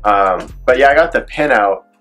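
Speaking at a normal speed over soft background music, this young vlogger has an expressive mid-range voice with a fairly bright tone. His personal story wanders, crowded with filler "like"s, and he performs the quoted lines himself.

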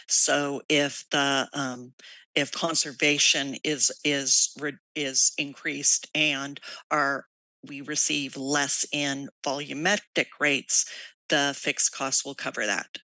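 A staff member answers board questions at a public meeting in a plain, explanatory way, now and then restarting a phrase. The voice has a bright, forceful edge and sounds dry and close, with no room around it. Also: mid-range voice, level tone, takes it slowly, dry recording, low-quality recording.

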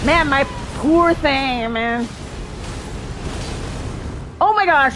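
A woman streamer commenting live on her gameplay, excitable, often yelping and laughing. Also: high voice, very slow, a little hiss or hum. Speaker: streamer playing a video game.

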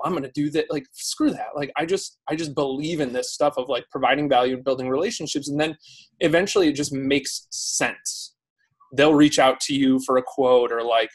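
A man on a podcast talks in an animated, rambling way, dropping "like" into nearly every sentence. His voice sits a little high for a man. It sounds like an easygoing conversation. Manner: animated, lots of "like" fillers. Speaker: podcast guest. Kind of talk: casual conversation.

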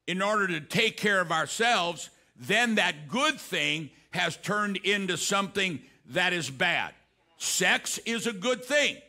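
An older man preaching a sermon as pastor, telling stories in an animated way, often restarting his sentences. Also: high-pitched. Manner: animated storytelling with repeated restarts.

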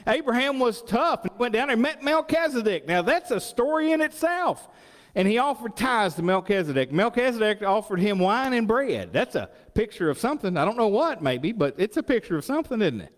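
Folksy preacher in a reverberant church. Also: male voice, sits high, fairly quick. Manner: folksy, animated, asks the congregation questions. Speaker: pastor. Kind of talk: sermon.

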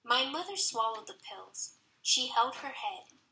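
A woman with a very bright, slightly high voice tells a children's story in the first person, lively and animated. She slips into voices for the characters. The sound is roomy, with a clear echo around her. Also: unhurried. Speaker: audiobook narrator. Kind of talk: children's audiobook narration.

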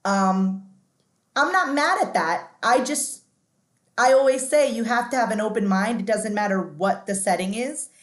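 A woman with a fairly high voice talks as a podcast guest, candid and chatty, circling back with lots of "like"s. Her voice rings in a noticeably echoey room. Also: a little slow. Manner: chatty, restarts often, says "like" a lot. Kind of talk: candid interview storytelling.

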